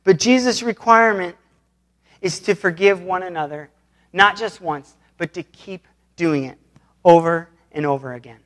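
A pastor delivers a relaxed, conversational sermon at a middle pitch. The pastor retells an old parable in plain, modern words and speaks directly to the congregation. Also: moderate pace. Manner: plainspoken, retells scripture in everyday terms.

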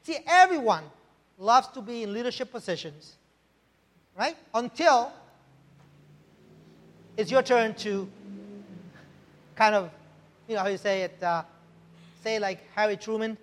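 High-voiced pastor preaching in a reverberant hall. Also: male voice, lively intonation, measured pace, pauses often, a bit bright. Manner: emphatic, rhetorical questions with "right?". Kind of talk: sermon.

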